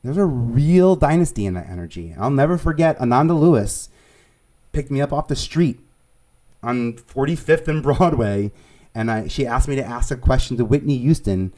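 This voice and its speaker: Animated New York man telling stories. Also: mid-range voice. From Staten Island, New York. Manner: animated, quick laughs, frequent restarts. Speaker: guest, producer and casting director. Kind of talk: conversational storytelling.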